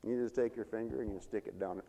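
A man preaching a sermon with animated, folksy storytelling. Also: on the low side, quick pace, in a large hall, a little hiss or hum.

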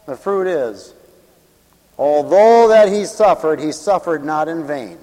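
High-voiced fervent preacher in a hall. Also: male voice, lively intonation, a little slow, darkish tone. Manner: fervent, exclaiming hallelujah and glory, laughing often. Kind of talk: sermon. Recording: reverberant hall.

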